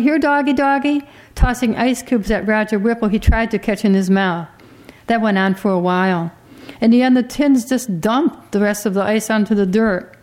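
A woman's voice: fairly high pitch, darkish tone. Woman reading a literary audiobook. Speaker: audiobook narrator.

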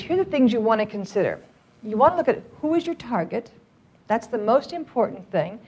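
A woman's voice: medium pitch, mellow. A middle-aged woman training a live audience, upbeat and joking as she coaxes them to speak up. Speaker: workplace trainer on cancer outreach.

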